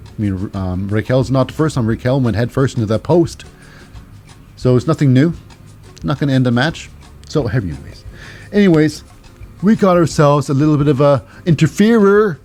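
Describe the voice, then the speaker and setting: A man's voice: medium pitch, a little mellow. A man hosting a podcast and recapping wrestling in a casual, rambling way, with many fillers and restarts. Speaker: podcast host.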